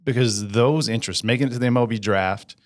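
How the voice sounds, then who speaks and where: Energetic man in a casual interview. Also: mid-range voice, fast talker. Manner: energetic, asks for agreement with frequent "right?". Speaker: business implementer, guest.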